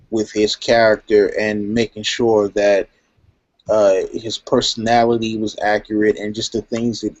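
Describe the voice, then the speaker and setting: A man chatting on a live stream in a laid-back, rambling way, peppered with "you know". His voice is fairly low, dry and close, with dull lo-fi sound. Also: a little mellow, no echo. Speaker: guest in live chat. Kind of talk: casual chat.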